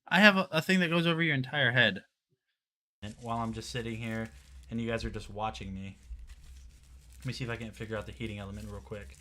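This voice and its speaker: A young man hosting a live product showcase stream, chatting casually and excitably straight to his viewers. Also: medium pitch. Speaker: livestream product showcase host.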